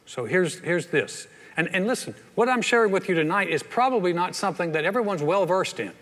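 Folksy older pastor preaching. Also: male voice, sits high, expressive, fairly quick, fairly bright tone, long reverb tail. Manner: folksy, conversational preaching with playful asides. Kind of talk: sermon. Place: church hall.

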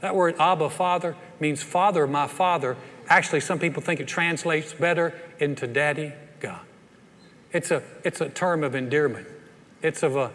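A man's voice: fairly high pitch, moderate pace, fairly bright tone. An older man preaching a sermon, emphatic with playful asides, in a large church. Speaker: pastor. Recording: echoey hall sound.

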